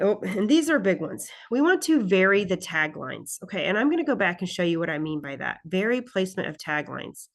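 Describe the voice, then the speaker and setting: A woman teaching a college English class, talking in a relaxed, conversational way and often checking in with "right?" and "okay?". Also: medium pitch. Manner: reads example lines aloud expressively. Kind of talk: recorded class lecture recap.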